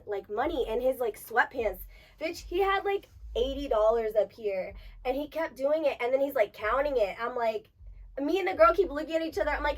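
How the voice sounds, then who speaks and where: A young woman with a fairly high voice tells stories in a casual podcast chat, animated and profane, swinging from low asides to loud bursts. She sits a little back from the mic, so her voice picks up some distance. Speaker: podcast co-host.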